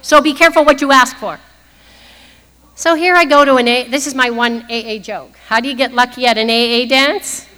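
A woman's voice: sits high, fairly even intonation, normal speed, bright, forceful tone. A woman in her fifties sharing a humorous personal story as the speaker at a recovery meeting, laughing often as she talks. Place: meeting hall. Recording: long hall reverb.

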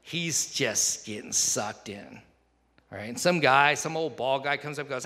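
A man's voice: medium pitch, unhurried, bright, forceful tone. A man telling a personal recovery story in a rambling, self-deprecating way, full of asides and fillers. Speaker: speaker sharing a recovery story. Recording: long hall reverb.

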